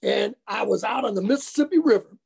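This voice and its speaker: A man's voice: high-pitched, lively intonation, fairly quick, gravelly, a little mellow, husky. A man who once played college football, recalling his past in a casual interview, folksy and colloquial. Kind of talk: casual storytelling.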